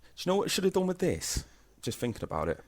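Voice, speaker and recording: A man's voice: high-pitched, huge pitch swings, fast. A man co-hosting a casual football podcast, playful and jokey, reading out rankings with a grin. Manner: playful, jokey, hums jingles. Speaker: podcast co-host.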